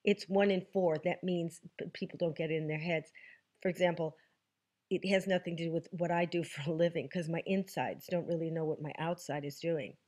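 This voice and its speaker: A woman's voice: fairly low pitch, steady tone, fairly quick, a little mellow. A woman hosting a casual to-camera question segment outdoors, talking in a wry, joking way with emphatic asides. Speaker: host answering viewer questions. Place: outdoors in the countryside.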